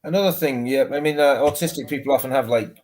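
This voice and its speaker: A man's voice: mid-range voice, fast talker, a little mellow. A man in casual podcast chat, opinionated and profane, often restarting his sentences. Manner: opinionated, swearing, hesitant restarts.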